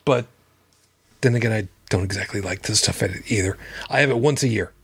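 A man's voice: fairly low pitch, fairly quick, slightly rough, no echo. A man hosting a livestreamed podcast who talks casually, bluntly and with plenty of swearing. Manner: blunt, profane, emphatic. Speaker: podcast host.

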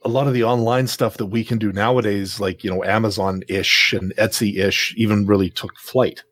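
A man's voice: lowish voice, steady tone, moderate pace, fairly bright tone, husky. A man co-hosting a podcast, chatting casually and telling a rambling story with many restarts. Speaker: podcast co-host. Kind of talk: casual chat.

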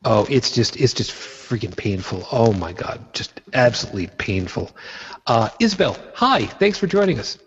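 A man's voice: medium pitch, sing-song, moderate pace, dull audio, slight background noise. A man co-hosting a casual podcast, talking in an exasperated way with many restarts and blunt jokes. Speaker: podcast co-host.

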